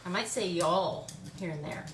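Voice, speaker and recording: A woman's voice: lowish voice, normal speed. A middle-aged woman from Canada with an English Canadian accent, giving a chatty live craft tutorial and talking through each step as she works. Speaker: furniture painting demonstrator. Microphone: camera on a stand. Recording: echoey room with background noise.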